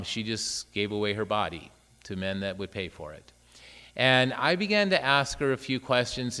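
A man's voice: lowish voice, big-room sound. A man in his late fifties, a priest, telling a personal story in a homily and acting out the voices of the people in it. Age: 50s. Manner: lively storyteller acting out both sides of dialogue.

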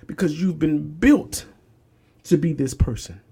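A man's voice: a little high, a little slow, creaky, mellow, breathy edge. A young man hosting a podcast, preaching emphatically, repeating phrases and dropping to whispers. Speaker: podcast host. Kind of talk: preaching-style podcast talk.

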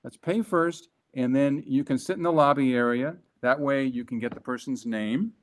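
A former franchise executive, appearing as a guest, tells a business story in conversation. He speaks emphatically and with animation at a medium pitch, often restarting quickly.

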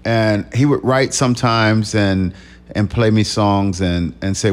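An older man, a record executive guest, telling stories in a relaxed interview, often laughing and pausing to reflect. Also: on the low side.

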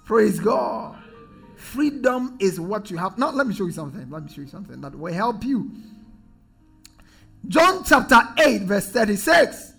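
Male preacher, high-pitched and emphatic, leads call-and-response, soft music under him. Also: animated, moderate pace, gravelly, slightly rough. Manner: call-and-response, emphatic, often rising to shouts. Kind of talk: sermon. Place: church.

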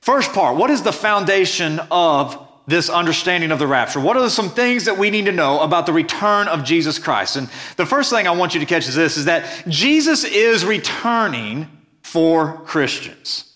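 Bright-voiced male preacher. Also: on the high side, animated, brisk, few pauses. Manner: earnest, emphatic preaching with scripture reading. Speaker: pastor. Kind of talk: sermon.

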